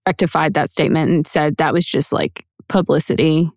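A woman's voice: deep voice, steady tone, fairly quick, a little mellow, dry recording, clean studio sound. A woman hosting a podcast, telling a true-crime story in a loose, conversational way with many fillers. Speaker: podcast host.

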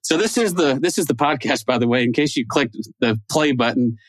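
Man co-host, goofy rambler, dry close sound, mid-pitched. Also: a little fast, no echo. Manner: goofy, rambling, laughs often. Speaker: podcast co-host. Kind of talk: casual chat.

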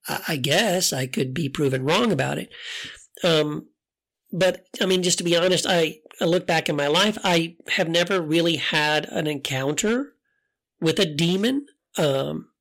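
A middle-aged man hosts a podcast in a casual, reflective monologue, telling stories candidly while hesitating and restarting often. His gravelly voice sits on the high side with a fairly bright tone, at normal speed.

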